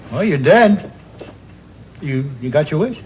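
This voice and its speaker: A calm, gentle heavenly guide. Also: male voice, on the high side, a little slow, slight background noise. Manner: calm, hesitant, gently questioning. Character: calm, gentle male divine figure. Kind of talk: 1970s television drama acting.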